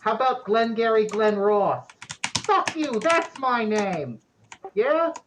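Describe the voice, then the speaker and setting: A man voicing a distant, echoey male spirit inside a statue, pitched well above his own voice, casual and wisecracking. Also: expressive, takes it slowly, noisy background. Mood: playful.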